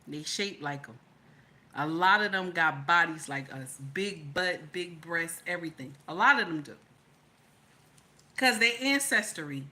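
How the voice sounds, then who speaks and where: Sharp-voiced woman, emphatic and slangy. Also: lowish voice. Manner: emphatic, repeats lines for stress; colloquial, slangy. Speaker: commentator. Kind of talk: casual opinion commentary.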